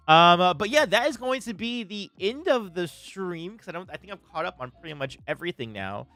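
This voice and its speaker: A man chatting casually as a livestream host, relaxed and rambling, with lots of filler words. His voice is smooth and sits a little high, recorded dry and close. Faint music plays underneath. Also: a little fast, few pauses, no echo.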